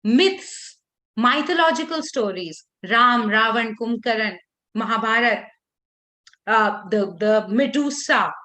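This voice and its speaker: A woman leading a workshop for teachers, talking expressively with lively intonation and frequent restarts. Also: fairly high pitch, unhurried. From India.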